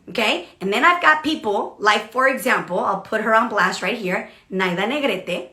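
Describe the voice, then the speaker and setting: A woman's voice: fairly high pitch, moderate pace, hardly any pauses, roomy sound. A woman who is a leadership coach, talking casually and bluntly on a livestream and often checking in with "okay?" and "right?". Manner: blunt, animated, keeps asking okay and right.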